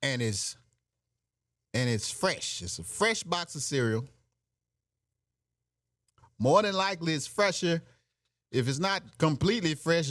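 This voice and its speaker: Male podcast host, brash comic monologue, slightly high voice, dry close sound. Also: lively intonation, unhurried, pauses often, a bit bright, no echo. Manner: brash, joking, laughs at his own bits. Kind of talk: casual comedic monologue.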